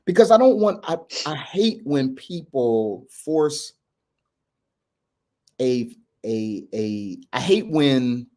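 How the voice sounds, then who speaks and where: A man's voice: medium pitch, animated, takes it slowly, darkish tone. A man, a men's coach hosting a candid talk, earnest and reflective, often restarting and checking in with "right?". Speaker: men's coach and podcast host.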